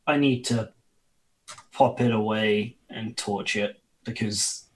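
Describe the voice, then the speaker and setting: A man's voice: lowish voice, steady tone, slow pace. A man playing in a tabletop game, chatting casually and asking short practical questions about his turn. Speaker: player.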